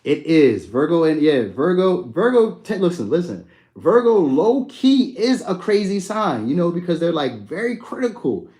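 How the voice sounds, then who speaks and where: A young adult man talks loosely and easily on a live stream, picking up viewers' comments as they come in. His delivery is relaxed and slangy, with a friendly back-and-forth feel. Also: on the high side, normal speed. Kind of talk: casual live chat reading comments.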